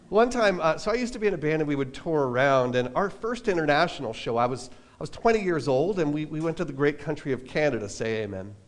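A man preaching a relaxed sermon at a church service, telling a personal story with casual asides. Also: fairly high pitch. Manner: casual, self-deprecating, lots of fillers and asides. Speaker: pastor.

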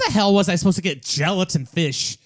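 A man on a casual podcast, loud and exclaiming as he laughs his way through a blindfolded taste test. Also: high voice, a little fast.

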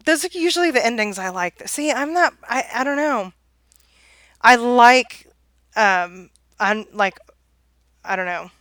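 A chatty woman with a slightly high, bright voice, recorded close and dry with no room sound. She talks casually, laughs often and loses her thread in fillers. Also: lively intonation, a little slow, pauses often, no room sound. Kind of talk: casual chat.

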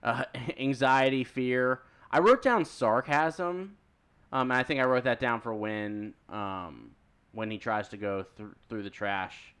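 A man's voice: mid-range voice, animated, a little slow, fairly bright tone, clean tone. A man co-hosting a casual discussion, earnest and reflective, often agreeing with "correct". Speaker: podcast co-host.

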